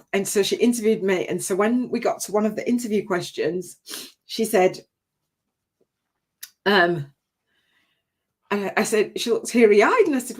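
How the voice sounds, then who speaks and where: Older woman, spiritual coach on a live stream, emotional and rambling, laughs through tears. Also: medium pitch. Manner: tearful, laughing, heartfelt and rambling. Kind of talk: emotional personal talk on a livestream.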